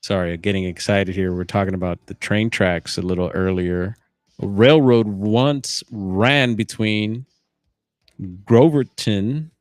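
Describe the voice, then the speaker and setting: A man hosting a casual livestream, reading reports aloud with relaxed, musing asides. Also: on the low side, slow, no room sound, clean studio sound. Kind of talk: casual live commentary.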